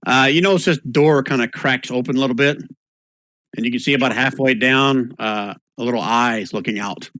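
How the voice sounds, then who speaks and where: A man runs an online tabletop game as game master, describing the scene and laughing often. His voice is bright and crisp, and it sounds dry and close, as if picked up through a voice-chat mic. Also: medium pitch, fairly quick, no room sound.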